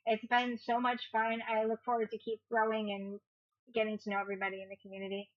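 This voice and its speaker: A woman's voice: a little high, monotone, fast. Chatty woman guest, slightly dull sound. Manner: chatty, upbeat. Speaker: interview guest. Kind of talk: casual interview chat.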